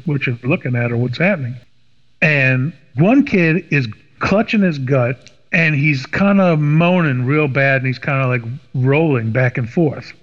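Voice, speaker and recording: A middle-aged man from Washington, D.C. tells a story in casual talk, acting out quoted voices as he goes. His voice sits a little high. The recording is dull and lo-fi, with a long, trailing reverb. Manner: animated, acts out quoted voices. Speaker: podcast guest.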